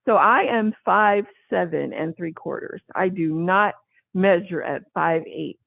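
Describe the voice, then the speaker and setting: A woman guest telling a story in casual conversation, with an animated way of talking. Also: on the low side, measured pace, gravelly, no echo. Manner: animated, acts out quoted voices. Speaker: interview guest. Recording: tinny phone-line sound, dry.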